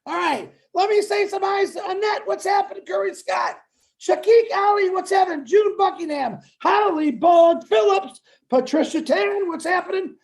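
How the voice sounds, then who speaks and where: A strikingly high-pitched man from the United States hypes up a livestream audience. He shouts with pumped-up energy as he greets viewers on a video call. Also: normal speed. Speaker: co-host. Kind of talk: hyped-up livestream shout-outs.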